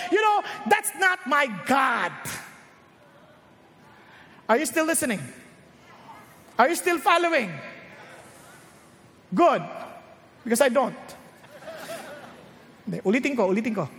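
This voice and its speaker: An animated woman with a Filipino accent delivers a sermon, acting out the voices of the people she quotes. Her voice sits high, and it carries a long hall reverb. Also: a little slow, long pauses. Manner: animated, acts out quotes, switches between English and Tagalog. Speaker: preacher.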